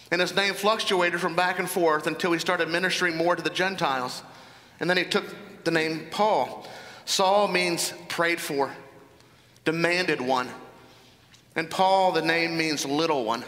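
Male pastor, earnest sermon delivery with rhetorical questions; sharp, bright tone in a reverberant hall. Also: a little high.

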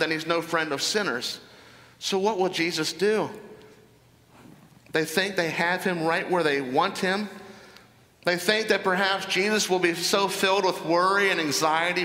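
A man preaching a sermon, explaining a Bible passage in a deliberate, emphatic way. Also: a little high, pushed and bright. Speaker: pastor. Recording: echoey hall with long reverb.

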